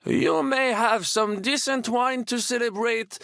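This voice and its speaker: An actor playing a flamboyant, optimistic French knight in a video game, with a French accent and a theatrical, boastful way of talking. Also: male voice, very high-pitched, fairly even intonation, measured pace, gravelly, fairly bright tone, no room sound, clean studio sound, full character voice.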